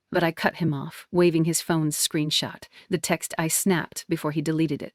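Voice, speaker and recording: Young woman narrator, lowish voice, dry close mic, even and soft first-person telling. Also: unhurried, no room sound.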